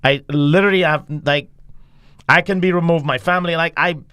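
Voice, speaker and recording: Male host, loose and profane, mid-pitched, dry close sound. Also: steady tone, a little fast, bright, forceful tone, clear, resonant tone, dry recording. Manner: casual, profane, backchanneling. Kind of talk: casual conversation.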